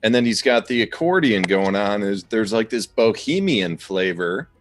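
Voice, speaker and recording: A man's voice: on the low side, expressive, normal speed. A man co-hosting a music show, rambling enthusiastically about a song with many restarts. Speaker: co-host music reviewer. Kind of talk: casual music review chat.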